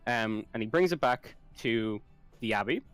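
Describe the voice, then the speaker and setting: A man's voice: mid-range voice, expressive, fairly bright tone, clear, resonant tone, no room sound, faint music behind. A man telling a long, rambling joke in casual chat with friends over an online call, full of restarts. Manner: rambling, halting storyteller with restarts.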